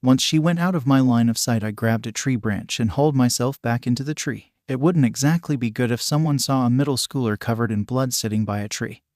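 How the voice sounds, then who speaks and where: A man's voice: mid-range voice, a little fast, hardly any pauses, darkish tone, no echo, studio quality. A man narrating a first-person fan-fiction story in a casual, conversational storytelling way.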